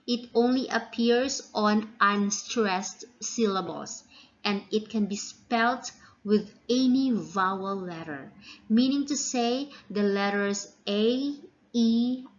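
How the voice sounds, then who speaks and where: A woman teaching a phonics lesson, drawing out each example word slowly and carefully. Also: medium pitch. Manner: slow and deliberate, drawing out example words. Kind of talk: slow classroom phonics lesson. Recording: dull lo-fi recording.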